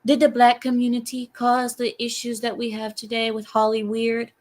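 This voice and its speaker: A woman's voice: fairly high pitch, completely flat delivery, normal speed, darkish tone. A woman hosting a livestream, reading viewer comments aloud and answering them in an exasperated way, with frequent sighs and rhetorical questions. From lives in America.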